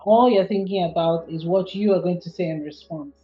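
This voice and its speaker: Measured woman guest, lower voice, dull audio with faint music behind. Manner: measured, explanatory. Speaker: podcast guest. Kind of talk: conversational podcast interview.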